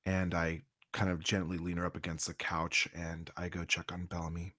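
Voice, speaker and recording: A man's voice: deep voice, flat delivery, normal speed, sharp tone. A man playing a tabletop game, hesitant and stammering as he speaks. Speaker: player.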